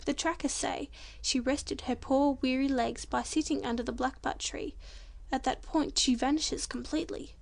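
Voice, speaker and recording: A woman's voice: high-pitched, fairly even intonation, moderate pace, gravelly. A woman voicing a worried, tender father in a storybook audiobook, speaking earnestly. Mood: troubled.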